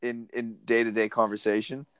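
A man's voice: medium pitch, little pitch movement, moderate pace, clean tone, dry recording. A man casually chatting about a movie, opinionated and plain-spoken. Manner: opinionated, plain-spoken, brings prepared facts. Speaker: podcast co-host.

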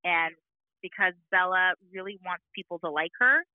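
A woman's voice: lowish voice, normal speed, no echo. A woman with a Valley girl way of talking, chatting casually as a parent and mimicking voices as she tells stories. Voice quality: Valley girl speech style. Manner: animated storytelling, mimics voices. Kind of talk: casual chat. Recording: tinny phone line.

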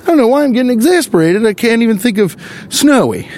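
The man's voice is extremely high and fast, with a little hiss or hum in the audio. He's a podcast host walking a wooded trail, going off on an animated, profanity-laced, exasperated comic rant.

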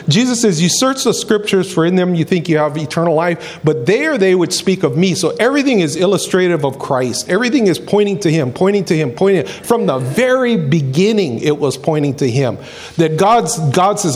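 Animated male preacher, slightly high voice. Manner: animated, acts out quoted voices; repeats and restarts phrases. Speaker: pastor. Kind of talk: sermon.

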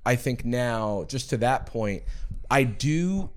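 A man's voice: medium pitch, expressive, slow pace. A young man co-hosting a podcast, talking thoughtfully in a casual chat with some hesitant fillers. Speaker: podcast co-host.

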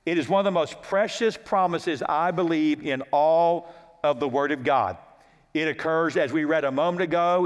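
This pastor, whose voice sits fairly high for a man, gives an expository sermon from the pulpit with a smooth delivery. He works methodically through chapter-and-verse references, repeating key lines for emphasis, while the church sanctuary adds a long reverberant tail.

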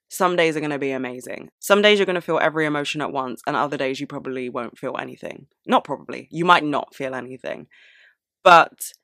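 A young woman speaking candidly to camera, frank and sweary, with animated outbursts. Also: deep voice, no room sound, clean studio sound. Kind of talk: candid personal monologue.

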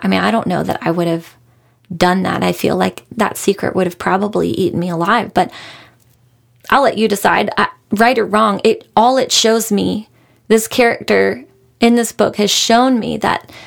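Gravelly-voiced woman, heartfelt podcast host. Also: mid-range voice. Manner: heartfelt, emotional, earnest. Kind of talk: casual book review monologue.

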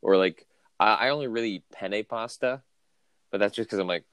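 A man's voice: lowish voice, a little fast, a bit bright, clean tone, dry recording. A man co-hosting a podcast from home, chatting casually in a rambling, joking way with lots of fillers. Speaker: podcast co-host. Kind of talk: casual chat. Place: home, remote recording.

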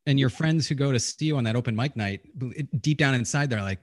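A man's voice: medium pitch, brisk, dry recording, studio quality. A middle-aged man telling candid, profane stories in a casual interview, often restarting his sentences. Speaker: podcast guest, retired pilot.

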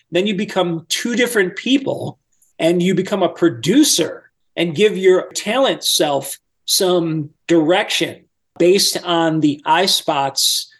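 A man, a voice-over coach, explaining his methods step by step in a relaxed podcast interview. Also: a little high.

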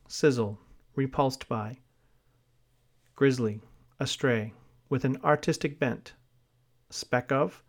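Male reader, mid-pitched, very slow and deliberate delivery for a vocabulary list, spells words and flags hyphens.

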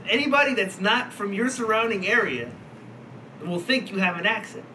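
A man's voice: high voice, moderate pace, bright, forceful tone, slight background noise, rough recording. A man, co-hosting a podcast in casual chat, rambling, laughing often and swearing. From Philadelphia. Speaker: podcast co-host.

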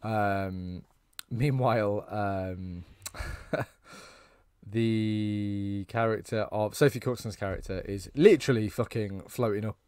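Easygoing man, low voice, dry sound. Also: takes it slowly, darkish tone, clear, resonant tone, dry recording. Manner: easygoing, laughs often, loose and rambling. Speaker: podcast co-host. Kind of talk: casual film review chat.

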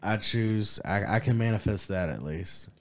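A man hosting a casual podcast chat, laid-back and halting, swearing offhandedly. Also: lowish voice. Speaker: podcast host.

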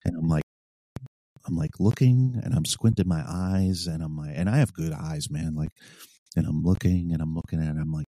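A man with a deep, mellow voice tells a story on a podcast, a former police officer who swears freely and acts out what he said back then. The sound is dry and close, with no room around it. He talks casually, like he's chatting with a friend. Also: normal speed, no room sound. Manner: profane, animated storyteller acting out his own past lines.

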